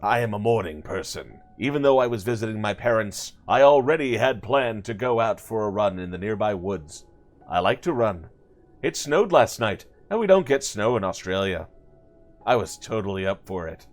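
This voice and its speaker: Man, gaming video host, let's play commentary, playful and sarcastic, lively bouncing pitch, faint music behind. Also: normal speed. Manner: playful, sarcastic, jokey asides.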